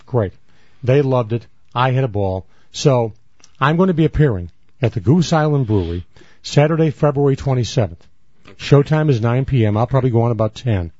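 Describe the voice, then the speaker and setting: A man rambles through a podcast story and repeats himself as he acts out the scenes. His voice is mellow and dark, recorded dry and slightly dull. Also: medium pitch, lively intonation, fairly quick, no room sound. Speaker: podcast co-host. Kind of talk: casual banter and storytelling.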